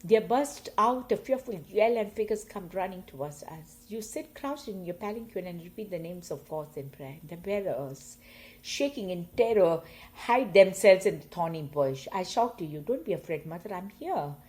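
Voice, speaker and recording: A woman's voice: on the low side, lively intonation, moderate pace, a little mellow, low-quality recording. Woman reading poetry expressively. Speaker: poetry reader.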